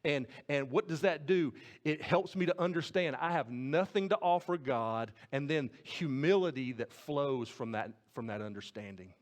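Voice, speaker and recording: A man's voice: on the high side, normal speed, hardly any pauses. Earnest man preaching a sermon. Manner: earnest, repeats and restarts words, asks the congregation questions. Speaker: pastor.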